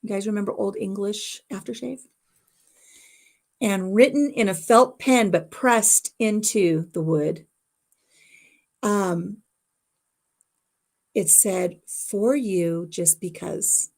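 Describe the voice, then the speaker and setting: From home, a middle-aged woman hosting a livestream slowly recounts a family story to her viewers, rambling and emotional in a casual chat. Her mid-range voice is gravelly, and she takes long pauses.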